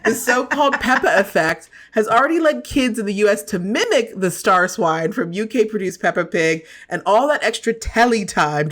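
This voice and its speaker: A woman's voice: lowish voice, fairly bright tone. A woman in her thirties co-hosting a podcast over a video call, telling stories animatedly and laughing often. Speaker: podcast co-host. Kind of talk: casual chat.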